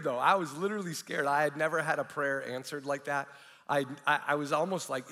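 A middle-aged man, a pastor, preaching with candid, animated storytelling and frequent restarts. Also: fairly high pitch, quick pace. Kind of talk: sermon with personal testimony. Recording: long reverb of a large hall.

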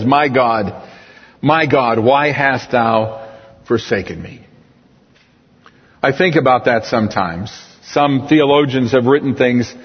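A middle-aged man preaching a sermon as pastor, earnest and slowing down on key words. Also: medium pitch, husky. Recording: distant echoey church hall, dull sound.

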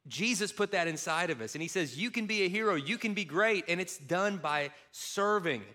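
Man, pastor, from Kentucky, sermon, lively storytelling, self-mocking humor, bright voice. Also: sits high, normal speed. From Kentucky, USA.

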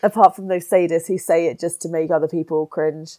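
A woman's voice: deep voice, steady tone, a little fast, warm tone. A woman co-hosting a podcast in casual chat, with a stuffy nose from a cold and a giggly, self-deprecating manner. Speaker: podcast co-host.

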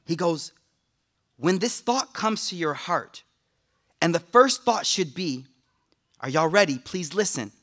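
Young guy preaching, slangy and jokey, fast arabic bits, high bright voice. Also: lively intonation. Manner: casual, joking, slangy, addresses the audience directly; recites Arabic quotations quickly. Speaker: Islamic lecturer. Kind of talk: energetic sermon to a live audience.

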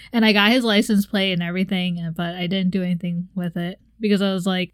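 A young woman co-hosts a relaxed conversation and tells a story with lively energy. She acts out her own reactions and laughs along the way. Her voice sits at an ordinary middle pitch and is recorded close and dry. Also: brisk, few pauses, clear, resonant tone, dry recording. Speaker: podcast co-host. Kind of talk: casual chat, storytelling.

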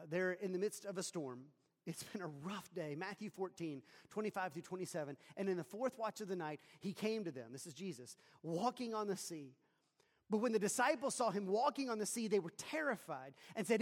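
A man preaching a sermon, moving between quiet scripture reading and loud, emphatic passages. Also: high-pitched, expressive, moderate pace. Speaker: pastor. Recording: reverberant hall.

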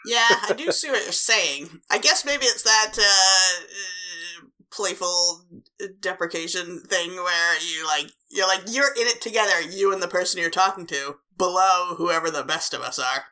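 Animated, bright-voiced woman co-host. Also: lowish voice, unhurried, rough recording. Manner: animated, laughs often, incredulous outbursts. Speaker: podcast co-host. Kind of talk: casual chat.

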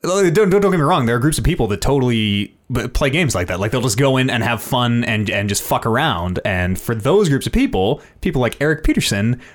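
A man's voice: medium pitch, big pitch swings, fairly quick, few pauses. A man hosting a casual podcast chat, swearing freely and laughing often. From Canada. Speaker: podcast host.

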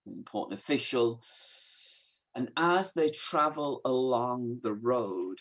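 A man preaching a sermon in an earnest, emphatic way, moving between hushed and raised delivery. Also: mid-range voice, slightly rough.

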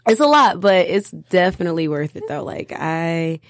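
Chatty young woman, low voice. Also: sing-song, moderate pace. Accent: Michigan. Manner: chatty, lots of "like" fillers, laughs often. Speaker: podcast co-host. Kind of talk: casual chat.

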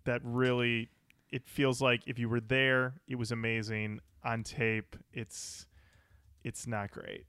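A man's voice: medium pitch, flat delivery, takes it slowly, fairly bright tone, clean tone, no room sound. A man co-hosting a podcast, talking through his thoughts in a rambling way and correcting himself as he goes. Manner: rambling, thinks aloud with self-corrections. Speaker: podcast co-host. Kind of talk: casual chat about music.

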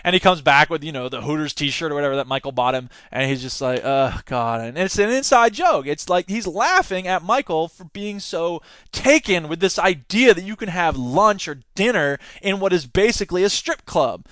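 Sarcastic, high-voiced male podcast host. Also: animated, normal speed, a bit bright, dry recording, clean studio sound. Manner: sarcastic, laughs often. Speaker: teacher. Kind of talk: casual commentary.

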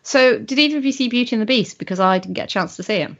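A woman's voice: fairly high pitch, racing. A woman in casual podcast chat, chatty and full of questions and rambling asides. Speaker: podcast co-host. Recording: muffled lo-fi audio.

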